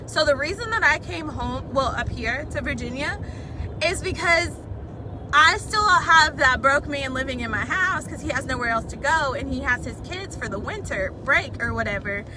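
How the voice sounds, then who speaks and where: A woman's voice: sits high, expressive, normal speed, crowd noise. A young woman rambling and venting with lots of swearing as she talks on a live stream from her car. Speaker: vlogger. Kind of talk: casual live-stream chat while driving. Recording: phone audio with loud car noise. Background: road and traffic noise.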